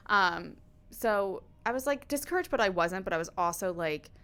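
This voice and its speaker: A woman's voice: mid-range voice, lively intonation, moderate pace, pushed and bright, smooth. A woman in her thirties, a podcast guest, telling a personal story in casual, emotional chat, full of "like" and "you know". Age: 30s. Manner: emotional storytelling with many likes and you-knows.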